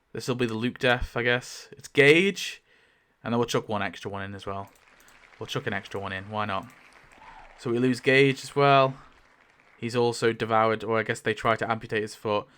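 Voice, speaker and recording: Male YouTuber, rambling casual commentary, clear smooth voice, mid pitch. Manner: rambling, lively, many fillers and laughs. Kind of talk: casual commentary while spinning a wheel.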